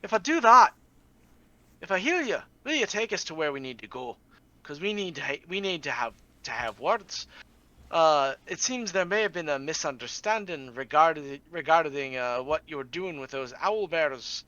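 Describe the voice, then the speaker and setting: A man's voice: a little high, lively intonation, moderate pace, bright, forceful tone, dry recording, muffled recording, pitched above the performer's own voice. A man putting on a Scottish brogue to voice a stern, kindly healer who bargains with a captive. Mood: stern bargaining. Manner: bargaining firmly, calls people laddie.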